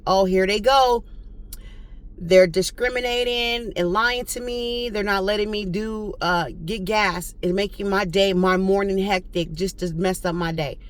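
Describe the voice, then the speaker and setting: A young woman tells a story in a casual vlog monologue. She talks in a chatty, conversational way, leaning into preachy, faith-filled reflections, with her voice sitting at an ordinary middle pitch. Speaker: vlogger.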